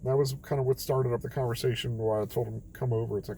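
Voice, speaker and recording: A man's voice: mid-range voice, fairly even intonation, fast, few pauses, mellow, slight background noise, poor audio. A young man telling a rambling, self-deprecating story late at night, tired and quoting others as he goes. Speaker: vlogger.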